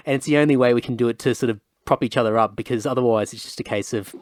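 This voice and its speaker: A man's voice: medium pitch, racing, few pauses, darkish tone, no echo, studio quality. An Australian man hosting a podcast, talking in a rambling, conversational way with many fillers. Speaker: podcast host. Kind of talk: casual chat.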